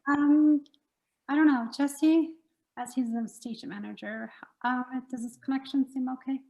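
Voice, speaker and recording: A woman's voice: high voice, fairly even intonation, measured pace, gravelly, noisy background. A woman hosting an internet radio show, talking easily and laughing often. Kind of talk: casual interview.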